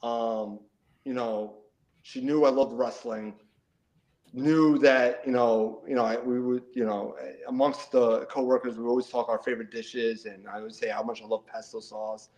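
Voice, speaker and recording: Heard on a low-quality recording, a middle-aged guest from the NJ/NY area speaks at a normal pace in a mid-range voice. The interview is casual, and he stays animated, laughing and doubling up on words.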